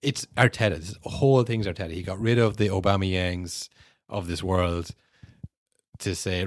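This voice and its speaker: Deep-voiced man in casual football chat. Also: moderate pace, dry recording, studio quality. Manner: animated, mimics fans and rivals in quoted asides. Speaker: podcast co-host.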